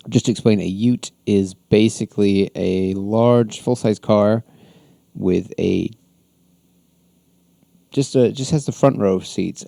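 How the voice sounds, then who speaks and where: A man hosts a podcast, talking through an episode in a loose, rambling recap. His voice is low, gravelly and warm, with frequent ums and soft chuckles. The sound is dry and close to the mic. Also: dry recording. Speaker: podcast host.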